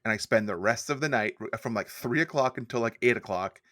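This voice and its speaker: A man's voice: mid-range voice, brisk, fairly bright tone, no room sound, studio quality. A man co-hosting a podcast, telling a rambling, self-deprecating story in a casual chat. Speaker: podcast co-host and editor.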